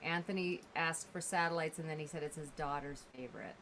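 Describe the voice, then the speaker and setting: A woman's voice: low voice, brisk, fairly bright tone, a little hiss or hum. A woman co-hosting a live stream in chatty, casual talk, reading out names and plans.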